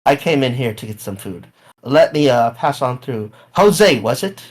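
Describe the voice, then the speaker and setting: A man's voice: mid-range voice, expressive, normal speed, lightly acted, low-quality recording. A man voicing a genteel, talkative elderly woman traveler in a tabletop game. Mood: prim.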